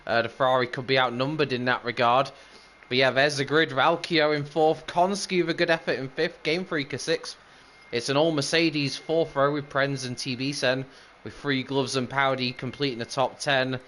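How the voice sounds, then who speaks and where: A man's voice: mid-range voice, steady tone, normal speed, a bit bright, slight background noise. A man commentating a sim racing qualifying session with chatty, upbeat play-by-play and frequent fillers. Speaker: lead commentator. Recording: music bed underneath.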